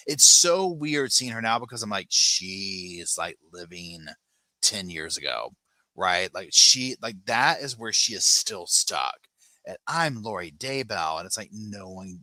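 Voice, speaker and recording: A man hosting a casual live-chat commentary, retelling events in a sassy, animated way. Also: low voice, no echo. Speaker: host.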